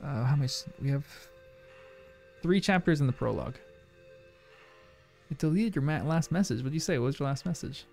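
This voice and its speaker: Man with a creaky voice, chatting on stream. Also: fairly high pitch, animated, brisk, long pauses, a little mellow, soft background music. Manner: rambling, laughs often, talks to chat. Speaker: livestreamer. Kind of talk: casual chat while solving a crossword.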